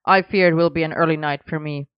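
A stern older father, cold and disapproving, speaks with clipped haughtiness, as a storybook reader puts him on. The voice stays smooth and clear. The recording is dry and a little dull. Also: mid-range voice, fairly even intonation, fast talker, no echo, close to an everyday voice. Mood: cool disapproval.

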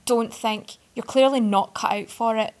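A woman's voice: medium pitch, measured pace, vocal fry. A woman voicing a haughty, arrogant young male executive who delivers acid, scornful put-downs in a storybook reading.

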